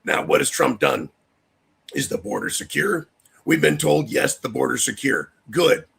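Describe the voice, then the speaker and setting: Gravelly, raspy man ranting heatedly. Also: mid-range voice, animated, a little slow, a bit bright. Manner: addresses chat viewers directly. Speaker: livestream host. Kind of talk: political commentary rant.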